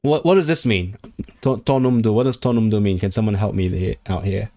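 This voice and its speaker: A man streaming himself as he studies a language, drilling phrases aloud in a halting, repetitive self-talk. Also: lowish voice, dark tone. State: sore throat. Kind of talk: casual livestream study session.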